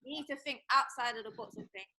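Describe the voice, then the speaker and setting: A woman DJ talks softly and encouragingly in a relaxed podcast conversation. Her voice sits fairly high. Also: quick pace, a crowd in the background. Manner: soft-spoken, encouraging. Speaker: DJ guest. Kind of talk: casual podcast chat.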